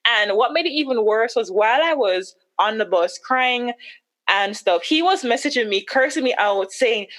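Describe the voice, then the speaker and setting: A woman's voice: fairly high pitch, animated, fairly bright tone. Candid woman telling a painful story. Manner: candid, emotional, quick asides. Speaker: podcast guest. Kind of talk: personal storytelling.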